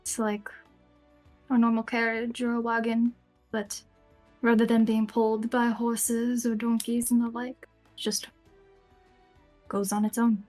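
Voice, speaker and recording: A woman speaking in character at a tabletop game, calm and matter-of-fact. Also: fairly high pitch, measured pace, pauses often, soft background music. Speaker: player.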